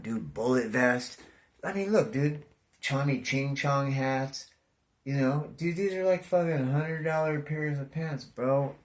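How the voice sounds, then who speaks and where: A man's voice: medium pitch, expressive, moderate pace. A man in his forties from California, rambling casually to the camera, swearing and saying "dude" constantly. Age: 40s. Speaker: vlogger.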